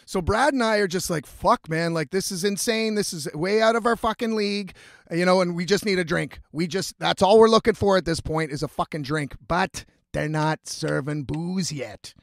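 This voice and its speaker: A man telling a story in a casual, animated, heavily profane way, rambling as he goes. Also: sits high, normal speed, creaky, no echo, clean studio sound. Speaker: vlogger.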